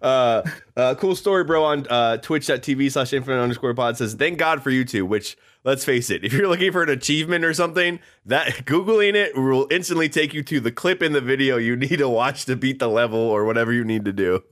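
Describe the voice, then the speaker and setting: A young man co-hosting a podcast, chatting casually, animated and quick to laugh. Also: mid-range voice. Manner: animated, laughing, exclaims in bursts. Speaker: podcast co-host. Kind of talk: casual chat.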